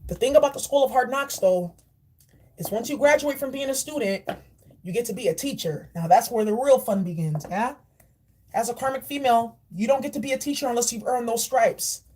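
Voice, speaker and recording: A woman's voice: on the high side, fairly quick, dark tone, a little hiss or hum. A woman giving a spiritual oracle card reading in a blunt, preachy and profane way. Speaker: spiritual reader.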